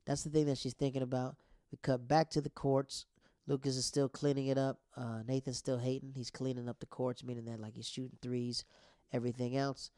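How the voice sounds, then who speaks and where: A young man hosting a casual TV recap show, excitedly retelling scenes with quoted lines and playful sound effects. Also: mid-range voice, fairly quick, no echo, clean studio sound.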